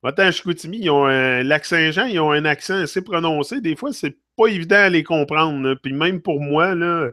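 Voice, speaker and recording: A man's voice: on the high side, expressive, fairly quick, few pauses, bright, forceful tone, no echo. A young man with a Quebec French accent hosting a casual live chat with viewers, switching between French and English with many fillers. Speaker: livestream host.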